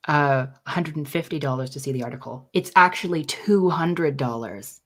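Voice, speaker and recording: A woman's voice: low voice, moderate pace. A woman co-hosting a podcast in casual chat, explaining her views earnestly. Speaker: podcast co-host.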